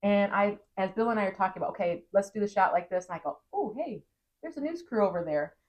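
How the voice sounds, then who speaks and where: A woman who is a TV meteorologist, co-hosting a vlog and telling a story in a casual, animated way, acting out quoted lines. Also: mid-range voice, fast, poor audio.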